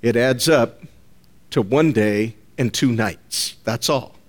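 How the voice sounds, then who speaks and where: A man preaching a sermon to his congregation in a deliberate, emphatic manner, repeating key phrases and calling his listeners "folks". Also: mid-range voice.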